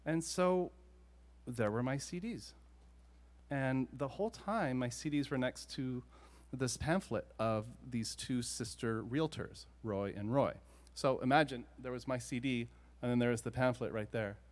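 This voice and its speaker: A man with a Southern US accent, a singer-songwriter telling stories between songs on stage, chatty and self-deprecating with quick asides. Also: medium pitch. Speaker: singer-songwriter performing live. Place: live music venue showroom. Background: faint guitar.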